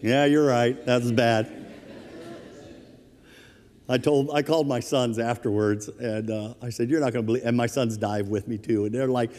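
Middle-aged guy pastor giving a sermon, animated storyteller, long echo off a big hall. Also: medium pitch, brisk, hardly any pauses. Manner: storytelling, animated, chuckles through anecdotes. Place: church sanctuary.

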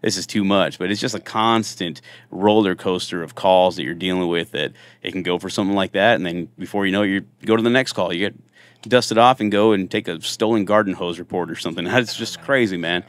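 A man's voice: deep voice, a little fast. A man in his thirties, a singer and former police officer, telling funny stories in a casual podcast interview and acting out the quotes. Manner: animated, jokey storyteller who acts out quotes.

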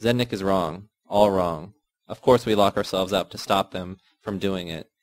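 A man's voice: low voice, steady tone, moderate pace, no room sound. A man voicing a bitter, cold woman. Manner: grumbling, cutting. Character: bitter, sullen grown woman, cold and cutting.

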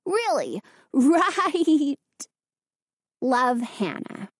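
A woman's voice: high voice, big pitch swings, very slow, no echo, clean studio sound, full character voice. A woman doing a frightened teenage girl. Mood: chatty.

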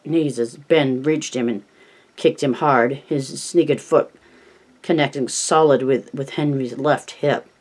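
Man narrating a novel, measured. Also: mid-range voice, darkish tone, rough recording. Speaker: audiobook narrator.

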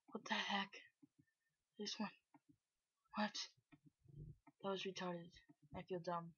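Female gameplay host, husky and unhurried, chatty and self-mocking with sudden loud outbursts; dull lo-fi recording. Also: medium pitch, level tone, no room sound. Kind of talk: casual gameplay commentary.

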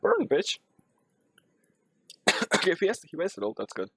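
A young man streaming a game live, talking to himself and yelling and swearing in sudden bursts at his teammates. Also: a little high, very animated, fast, husky, no echo, clean studio sound. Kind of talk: live gameplay commentary.

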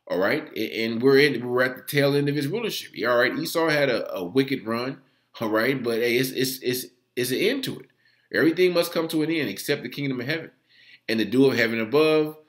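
A man delivers a sermon-style teaching in an ordinary middle-pitched voice. He leans on "all right" after almost every phrase. He often stumbles and restarts mid-word as he talks. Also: reverberant. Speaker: religious teacher. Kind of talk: preaching with scripture reading.

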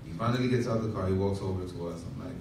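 A man's voice: low voice, very fast, vocal fry, a little mellow, a little hiss or hum. Man pastor, humorous storytelling sermon, distant mic, echoey church hall. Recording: echoey room from far off.

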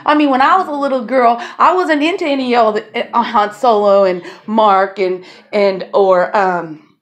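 A woman rambling to her camera in a casual vlog, her voice sitting a little on the high side. She is chatty, laughs a lot between thoughts and swears without a second thought. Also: moderate pace. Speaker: vlogger.

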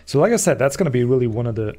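A man's voice: mid-range voice, expressive, very fast, dark tone. A man casually commenting as he plays through a game, chatty and thinking aloud. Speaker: let's play host. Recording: voice over game audio.

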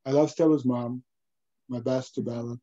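Very dark-voiced man on a dull video call. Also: mid-range voice, fairly even intonation. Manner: earnest, halting restarts, slow measured recitation. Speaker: poet and translator. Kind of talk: poetry reading with remarks.

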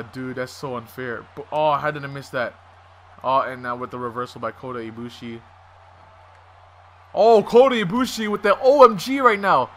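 A man giving excited let's-play commentary over a wrestling video game, swearing often and yelling at what happens on screen. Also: fairly high pitch. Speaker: gaming commentator.

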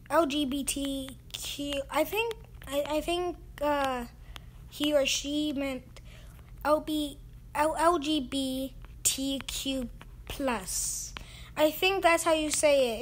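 A woman's voice: high voice, steady tone, takes it slowly, a little hiss or hum. A young woman giving casual gameplay commentary, ranting and repeating herself in exasperation. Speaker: gaming YouTuber.

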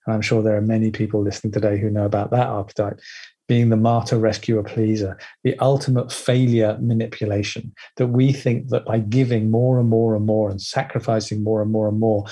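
A man leading a lively online workshop, playfully acting out inner voices and swearing casually. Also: fairly low pitch, brisk. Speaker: workshop teacher.

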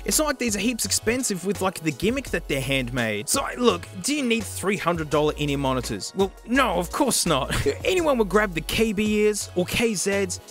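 A man's voice: sits high, sing-song, normal speed, a bit bright, faint music behind. A man with an Australian accent hosting a casual gadget review vlog, jokey and full of slang. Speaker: tech reviewer and YouTuber.

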